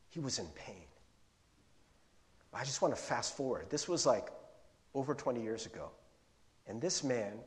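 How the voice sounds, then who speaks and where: A man in his forties preaching a sermon as a youth pastor, in a casual, animated way with slang and stammered restarts. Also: medium pitch. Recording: long hall reverb.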